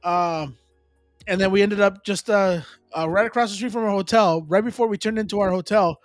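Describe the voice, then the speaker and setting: A man's voice: high-pitched, fairly quick, no room sound, faint music behind. A man, chatting casually as a live stream host, rambling loosely with slang and Spanish asides. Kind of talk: casual chat.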